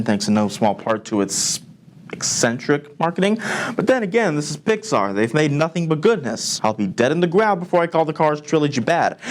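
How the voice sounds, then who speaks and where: A teenage boy giving a scripted school-TV movie review in a deadpan voice. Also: on the high side. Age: teens. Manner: deadpan delivery. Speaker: student film reviewer.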